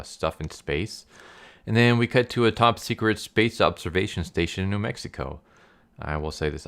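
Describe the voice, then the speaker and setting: Chill guy with a low smooth voice rambling about a comic, laughs a lot, says uh a ton. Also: a bit bright. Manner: laid-back, laughing, many fillers. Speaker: comic book reviewer. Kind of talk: casual comic review monologue.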